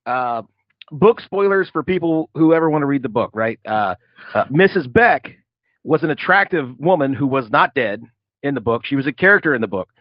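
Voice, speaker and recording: A man's voice: mid-range voice, expressive, moderate pace, no room sound. A male co-host from the US Midwest with a Midwestern accent, chatty and jokey in a casual discussion of a show. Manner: chatty, jokey, asks guests questions. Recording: dry, slightly lo-fi sound.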